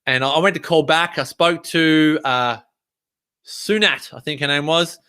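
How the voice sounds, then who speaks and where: A man with an Australian accent telling a story in a chatty, animated way. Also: fairly high pitch, unhurried, clean tone. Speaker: vlogger. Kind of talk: casual storytelling.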